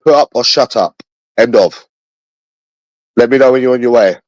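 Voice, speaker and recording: A man with a London accent rambles through a livestream monologue to his viewers, sounding bitter, repeating himself and swearing a lot. His voice is mid-range and his pace moderate. The recording is dry and rough.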